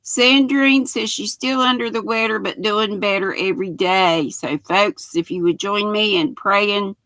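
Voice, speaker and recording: Speaking at a measured pace in a medium-pitched, slightly bright voice with no echo, an older woman with a Southern accent hosts a casual livestream. The North Carolina native chats folksily and greets viewers individually by name.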